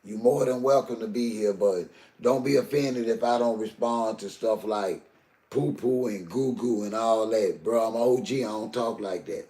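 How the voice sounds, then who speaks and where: An older Southern US man speaks heatedly and straight to his live stream chat in emotional stream talk. His voice is fairly low and mellow, moving at a moderate pace in an echoey room.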